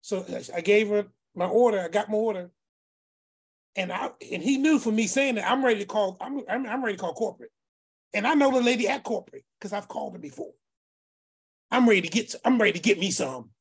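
A man casually telling a story in a class over a video call. He talks in an animated way and acts out the other people in his story. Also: high voice, brisk, husky. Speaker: class participant.

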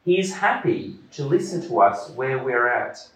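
A man's voice: medium pitch, sing-song, a little slow, fairly bright tone, reverberant, poor audio. A man, a church elder, giving a conversational sermon with many hesitant fillers.

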